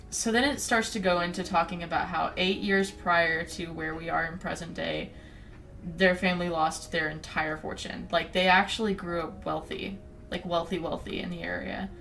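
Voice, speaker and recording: A woman's voice: fairly low pitch, fairly bright tone. A young woman co-hosting a podcast, chatting casually as she retells a story with little quoted voices. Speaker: podcast co-host recapping a book. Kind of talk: casual chat.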